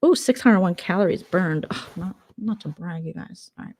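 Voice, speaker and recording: A woman's voice: lowish voice, lively intonation, normal speed, a little mellow. A woman hosting a vlog, chatting casually with a sarcastic, chatty manner. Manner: sarcastic, chatty, tangent-prone. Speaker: vlogger host. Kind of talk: casual gossip commentary.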